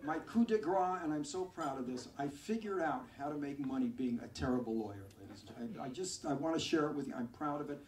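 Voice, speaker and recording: A male stand-up comedian telling self-mocking, deadpan one-liners on a club stage. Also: a little high, fast talker, few pauses. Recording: echoey club, far from mic, crowd.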